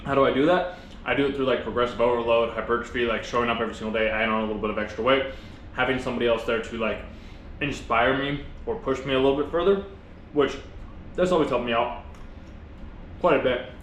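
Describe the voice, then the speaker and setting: This vlogger's casual motivational talk comes out fast and steady, his fairly bright voice at a normal pitch even as he eats and speaks through a mouthful. Earnest yet rambling, he keeps starting over. Faint noise and echo fill the room.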